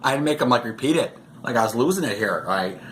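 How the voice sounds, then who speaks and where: A man's voice: medium pitch, expressive, quick pace, fairly bright tone, slight background noise. A man vlogging, telling rambling stories in a casual way, chuckling often and saying "you know" a lot. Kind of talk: casual storytelling to camera.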